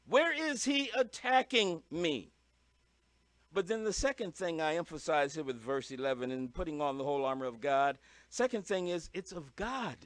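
A man preaching a sermon in an emphatic, repetitive style, punching single words with sudden loud stresses. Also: a little high, expressive, normal speed, dry recording.

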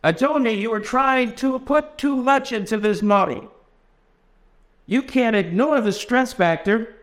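A man's voice: very high voice, measured pace, a bit bright, pitched above the performer's own voice. A man reading the part of a doubting female angel in a skeptical, lifted voice. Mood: worried.

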